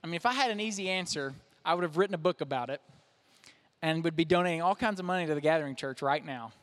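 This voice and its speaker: Man, pastor, casual self-deprecating sermon, high voice, reverberant church hall. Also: fast talker, a bit bright. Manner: conversational, self-deprecating preaching.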